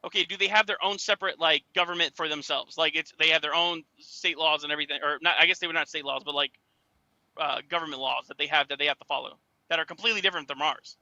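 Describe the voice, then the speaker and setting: A man on a dull, lo-fi call, talking fast in a high, bright voice. He stammers and hedges, circling around his answers. The sound is dry. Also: steady tone, no room sound. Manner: hesitant, stammering, evasive. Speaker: caller in a debate. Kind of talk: hesitant live debate.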